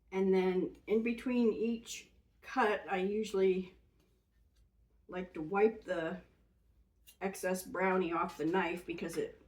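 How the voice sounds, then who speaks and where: A woman's voice: mid-range voice, a little mellow. A woman hosting a casual home cooking demonstration, explaining each step plainly and chattily with easy fillers, in a kitchen. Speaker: cooking channel host. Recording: voice a bit far from the mic.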